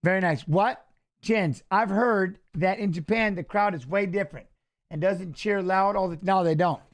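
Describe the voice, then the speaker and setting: High-voiced man rambling on a live stream. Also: moderate pace. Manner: rambling storyteller, excitable, trails off. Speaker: watch-along host, former fighter. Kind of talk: casual live-stream commentary.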